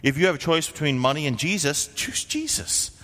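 A man's voice: on the high side, fast, fairly bright tone, long reverb tail. A man from Vermont preaching a sermon as a pastor, in a conversational way with frequent rhetorical questions. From Vermont, USA.

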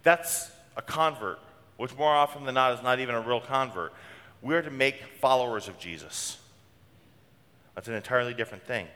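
In a church sanctuary, a middle-aged man preaches as a pastor in a conversational way, telling homely stories. His voice is mid-range and fairly bright, with the long reverb of a church hall around it.

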